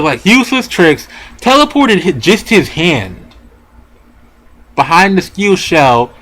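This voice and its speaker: A young man casually reviewing a manga chapter, talking in an excited, profane, rambling way. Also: medium pitch.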